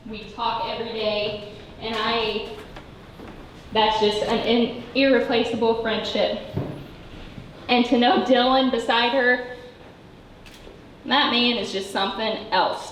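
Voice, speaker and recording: A woman speaking a wedding toast, her voice sitting a little high and catching as she gets choked up. The room around her rings with echo and a faint hum of noise. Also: a bit bright. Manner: choked up, halting, affectionate. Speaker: maid of honor giving a wedding toast. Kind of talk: emotional wedding speech. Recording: echoey room with background noise.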